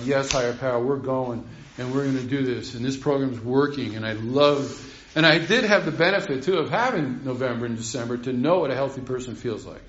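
An older man rambling through a heartfelt recovery share, laughing often. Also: mid-range voice. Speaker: speaker sharing at a recovery meeting. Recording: roomy, dull recording.

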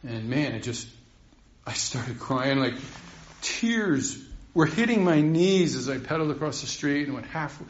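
A man's voice: on the high side, expressive, unhurried. An older man rambling through a heartfelt recovery share, laughing often. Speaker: speaker sharing at a recovery meeting. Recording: roomy, dull recording.

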